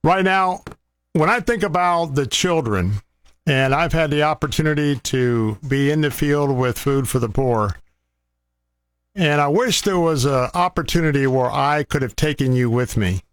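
A man's voice: on the high side, measured pace, no echo. A man hosting a faith talk show, making a heartfelt, rambling fundraising appeal with many restarts.

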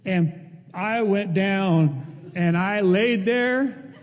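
High-voiced man preaching in a hall. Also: drawn-out words. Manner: emotional, emphatic preaching with rising intensity. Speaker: pastor. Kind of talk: sermon.

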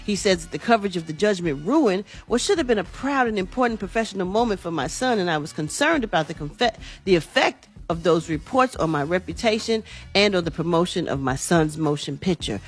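A woman's voice: lowish voice, animated, a little fast, breathy edge, soft background music. A woman hosting a chatty morning radio entertainment segment. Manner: chatty, laughs easily, casual asides. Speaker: entertainment news host.

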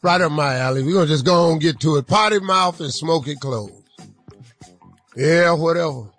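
A man's voice: a little high, moderate pace, a bit bright, soft background music. Playful drawling male radio host. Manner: playful, drawling, sing-song asides. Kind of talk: comic advice reading.

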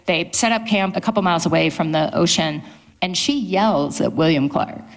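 A woman historian speaking at a public event, telling history in a lively storytelling way. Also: fairly low pitch, moderate pace.

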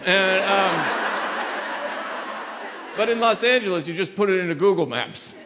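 A man's voice: high voice, animated, a little slow, heavy background noise. Wry man doing stand-up. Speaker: stand-up comedian. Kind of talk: stand-up storytelling.

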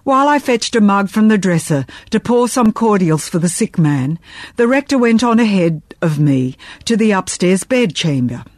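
A woman tells a first-person historical story in a steady, expressive reading voice. Her pitch sits in the middle, neither high nor low. The sound is dry and close, with no room around it. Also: moderate pace, no echo. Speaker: audiobook narrator. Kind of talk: scripted first-person narration.

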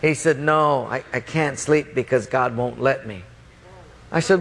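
A man preaching a sermon, telling a personal story and acting out the voices, dropping low and quiet to quote God. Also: measured pace, vocal fry.

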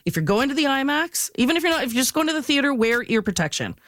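A woman working as a film and TV critic, giving an enthusiastic, lively radio review in a casual tone. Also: high-pitched, quick pace, dry recording. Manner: enthusiastic, animated storytelling.

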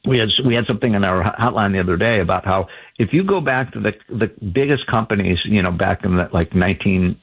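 A man calling in as an economics commentator on a radio show, speaking haltingly with many fillers and restarts. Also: on the low side, vocal fry, husky. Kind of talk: phone-in radio chat. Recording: tinny phone line.

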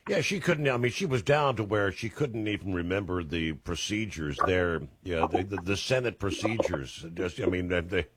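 A man's voice: low voice, normal speed, hardly any pauses, very noisy. A man hosting a call-in radio talk show, folksy and drawling, with many fillers.

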